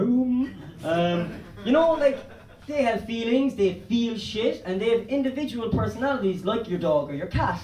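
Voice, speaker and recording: A man's voice: very high-pitched, expressive, measured pace, darkish tone. An Irish man doing a stand-up comedy set, rambling loosely and swearing. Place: comedy club stage. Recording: roomy club, distant mic.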